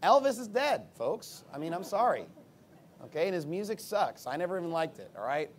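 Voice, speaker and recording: A combative male preacher whose voice sits slightly high for a man. He swings between loud, punchy bursts and low, muttered asides, pressing every point hard and adding sarcastic jabs. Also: lively intonation, brisk, a little hiss or hum. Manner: big swings in pitch and loudness. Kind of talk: sermon.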